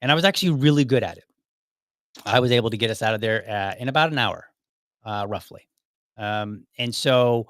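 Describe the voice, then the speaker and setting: A man's voice: medium pitch, a bit bright, no echo. Man telling a story on his podcast, dry close sound. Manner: anecdotal, acts out quoted dialogue, chuckles often. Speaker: podcast host. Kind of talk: casual storytelling monologue.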